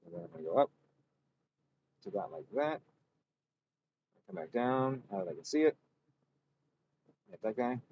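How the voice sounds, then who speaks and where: A man with a mid-range, expressive voice tunes an engine during a dyno livestream, speaking at normal speed with frequent pauses as he thinks aloud, rambles, and corrects himself. The casual technical chatter has cut-off highs and a slight hiss or hum.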